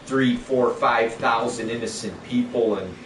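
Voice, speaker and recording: A man talks through a gaming livestream, rambling and cursing as he airs strong opinions. His voice sits at a middling pitch and sounds set back from the mic, with a roomy echo and steady noise underneath. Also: a little slow, far from the mic. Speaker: game streamer. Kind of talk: casual gaming livestream chat.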